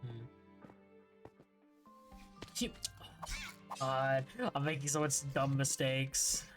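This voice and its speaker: A man's voice: mid-range voice, flat delivery, very slow, soft background music. A young man streaming a game, chatting casually, rambling and swearing often as he gets frustrated. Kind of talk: casual gaming livestream chat.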